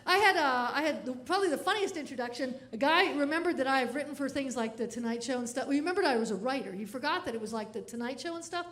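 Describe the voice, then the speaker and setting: A woman comedian giving a keynote speech. She tells animated stories and laughs between lines. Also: high voice, fast talker, hardly any pauses, slight background noise.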